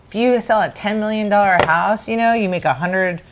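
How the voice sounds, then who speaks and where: A woman's voice: mid-range voice, a little fast, noisy background. A woman co-hosting a casual talk show, chatty and opinionated, ranting about things that annoy her. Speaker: podcast co-host. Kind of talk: casual chat.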